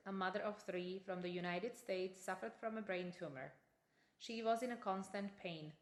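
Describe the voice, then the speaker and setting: A woman narrates in a measured, factual way at an ordinary pitch. The recording has a noticeably roomy sound around her voice. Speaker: documentary narrator. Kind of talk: scripted narration.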